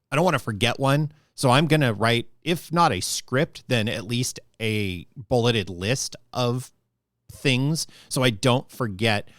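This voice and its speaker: A male podcast co-host chats casually about running tabletop games, thinking out loud with asides. His mid-range voice is unhurried and fairly bright. The sound is clean studio quality with no room sound.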